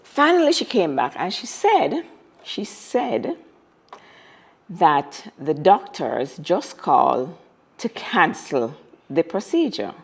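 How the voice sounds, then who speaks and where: Dramatic woman telling a story, low voice. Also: very animated, slow, vocal fry, slightly rough. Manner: dramatic, repeats phrases for emphasis. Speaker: interview guest. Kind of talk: telling a personal story in conversation.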